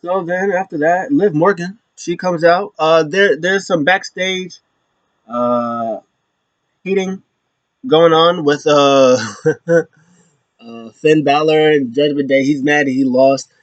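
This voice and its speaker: A man's voice: slow, no room sound, muffled recording. Rambling man recapping wrestling, close dry mic. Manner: rambling, filler-heavy, acts out quotes in a high voice. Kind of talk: casual solo recap.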